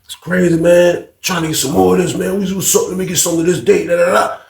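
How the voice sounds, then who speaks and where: A man acting out an excited adult male inmate who pushes to buy more, in a wheedling way. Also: high-pitched, fast, creaky, echoey room. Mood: eager.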